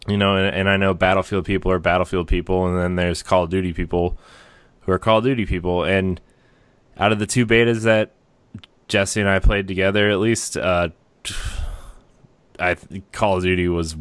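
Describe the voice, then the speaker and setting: A man's voice: deep voice, clear, resonant tone, no echo. A man co-hosting a gaming podcast, talking casually with hesitant, rambling starts and fillers. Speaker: podcast co-host.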